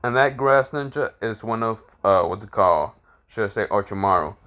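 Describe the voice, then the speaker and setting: A man's voice: fairly low pitch, animated, a little fast, dull audio. A man casually improvising a fan-fiction story aloud, rambling with fillers and restarts and swearing freely.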